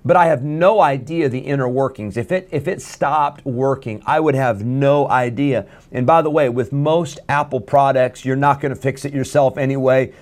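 A man's voice: medium pitch, normal speed, hardly any pauses. A man teaching a Bible lesson in a folksy, conversational way, with many fillers. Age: adult.

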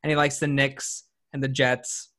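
A man's voice: mid-range voice, little pitch movement, bright, forceful tone. A young man co-hosting a sports podcast, chatting casually, rambling and ribbing his co-hosts. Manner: teasing, rambling, quick jokes at his co-hosts. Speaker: podcast co-host.

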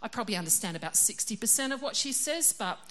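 A woman's voice: fairly high pitch, expressive, fast talker, a bit bright. A middle-aged woman giving a casual, chatty sermon. She is self-deprecating and laughs often. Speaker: preacher.

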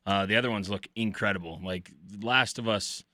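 A man's voice: on the low side, normal speed, sharp tone, no room sound, clean studio sound. A man co-hosting a podcast in casual chat, laid-back and dryly sarcastic, swearing offhandedly. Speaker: podcast co-host.

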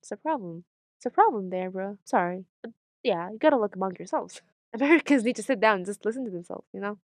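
A young woman from Morocco, speaking candidly in an interview, animated and sardonic, laughing often as she talks. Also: mid-range voice, fast, no echo.

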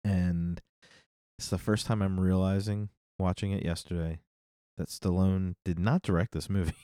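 A man's voice: low voice, level tone, normal speed, dark tone, clear, resonant tone, no echo, studio quality. A middle-aged man co-hosting a podcast in casual chat, rambling and correcting himself, often laughing. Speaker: podcast co-host.

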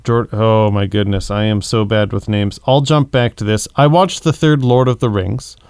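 Smooth-voiced man, measured podcast co-host, dry close mic. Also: fairly low pitch, fairly even intonation, darkish tone, no echo. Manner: rambling, searches for words, measured. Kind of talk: casual movie discussion.

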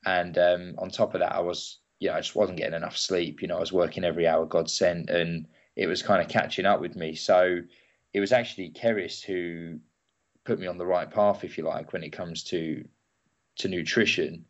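A man in his thirties, a personal trainer answering interview questions in a relaxed, hesitant way with many ums. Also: sits low, moderate pace, muffled recording.

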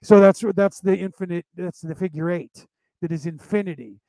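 His high, warm voice holds a steady tone at a moderate pace, recorded roughly but with no echo. He is a spiritual teacher from Ireland with an American accent, giving a rambling casual lecture and repeating and restarting as he explains step by step.

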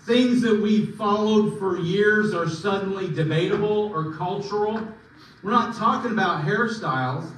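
A man preaching in a fairly high voice, pressing his points with sudden rises and drops. He is heard from a distance in a very echoey hall, with a faint hum of room ambience behind him. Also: a little slow, a bit bright. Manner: emphatic preaching with sudden swings in pitch and volume. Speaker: pastor. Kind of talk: sermon.

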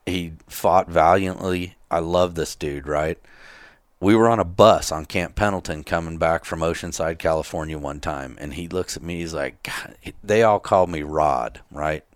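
A man's voice: sits low, normal speed, no echo. A man in casual conversation who speaks bluntly, swears freely and acts out the people in his stories. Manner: blunt, profane storyteller who acts out quotes. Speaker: podcast co-host. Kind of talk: casual chat.

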